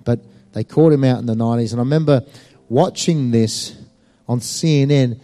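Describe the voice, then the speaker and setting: A man telling a personal testimony in an animated, emphatic way, with many fillers. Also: mid-range voice, normal speed. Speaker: speaker giving a personal testimony. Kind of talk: storytelling testimony.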